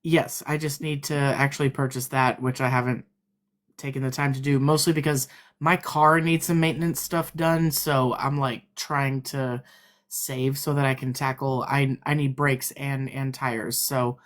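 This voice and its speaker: A man's voice: medium pitch, flat delivery, a little slow, a bit bright. Bashful man chatting on a live stream. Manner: laughs often, trails off and restarts. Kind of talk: casual live-stream chat.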